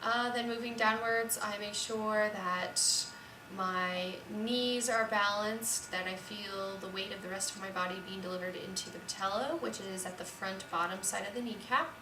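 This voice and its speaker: A young woman voice teacher calmly explaining and demonstrating a vocal warm-up at home. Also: mid-range voice, moderate pace, background noise. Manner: calm, explanatory, sings scale demos. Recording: roomy echo, voice from a distance, piano. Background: piano.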